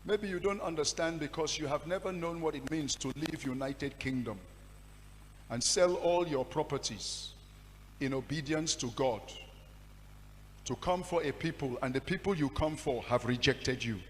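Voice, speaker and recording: A man with a Nigerian English accent, preaching and telling his story with impassioned swings between hushed and loud delivery. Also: a little high, moderate pace, in a large hall, slight background noise. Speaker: pastor. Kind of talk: sermon storytelling.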